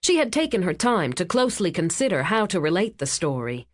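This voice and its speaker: Female audiobook narrator, lowish pitch, dry close sound, measured thriller read. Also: big pitch swings, no echo. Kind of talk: scripted narration.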